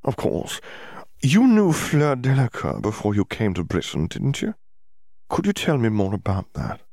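A man reading aloud and voicing a pushy, prying woman journalist with a sharp, scolding manner. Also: mid-range voice, huge pitch swings, measured pace, vocal fry, no echo, clean studio sound, voice pushed up, heavily acted.

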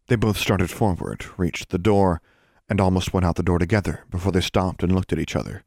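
A man narrating a story in a steady, even storytelling manner. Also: low-pitched, fairly quick, creaky, dry recording, clean studio sound. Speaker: audiobook narrator. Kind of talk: scripted narration.

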